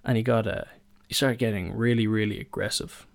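A man's voice: fairly low pitch, steady tone, a little fast, gravelly, dry recording, clean studio sound. A young man, hosting a solo podcast and telling rambling stories in a casual chat, full of fillers and restarts. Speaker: podcast host.

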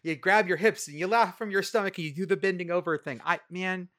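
A man's voice: high voice, fairly quick, pushed and bright, no echo, clean studio sound. A man co-hosting a casual sports podcast, talking in a sardonic, rambling way and swearing freely. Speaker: podcast co-host.

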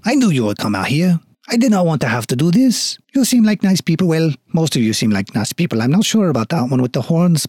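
A man's voice: fairly high pitch, a little mellow, dry recording, clean studio sound. A man voicing a vengeful male vintner turned goop monster, with a fake French accent in a theatrical villain monologue.

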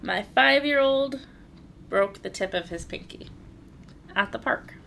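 A woman's voice: on the high side, unhurried, vocal fry, a bit bright, slight background noise. A woman in her thirties, co-hosting a podcast, telling a story in casual chat with laughs and swearing. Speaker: podcast co-host.

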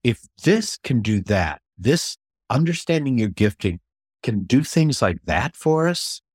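An older man, an author and ministry leader, talking as a guest in an interview. He tells stories in an animated way, often restarts phrases, and acts out quotes in a raised voice. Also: medium pitch, unhurried, slightly rough, dry recording, clean studio sound. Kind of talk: conversational storytelling interview.

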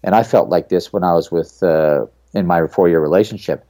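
A man's voice: low-pitched, a little fast, warm tone. A middle-aged man, an author and guest, speaking earnestly and reflectively in an interview. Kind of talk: podcast interview.

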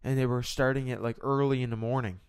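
A man's voice: mid-range voice, fairly even intonation, quick pace, smooth, no room sound, studio quality. A young man co-hosting a sports podcast, chatting casually in a rambling, jokey way full of fillers. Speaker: podcast co-host. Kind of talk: casual chat.

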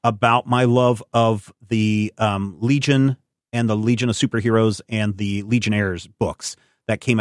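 A man co-hosting a casual comic review chat, rambling and self-correcting with animated enthusiasm. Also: medium pitch, no room sound, clean studio sound. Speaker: podcast co-host.

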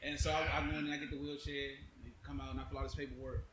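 A young man telling a story on a podcast in an animated way, laughing as he goes. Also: medium pitch, very fast, echoey room, noisy background. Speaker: podcast co-host. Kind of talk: casual chat.

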